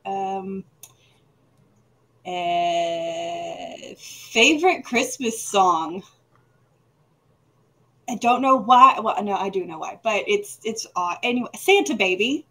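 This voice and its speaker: A woman's voice: medium pitch, takes it slowly, pauses often, fairly bright tone. A woman introducing herself as a player on a game stream, bubbly and rambling. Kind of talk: casual chat.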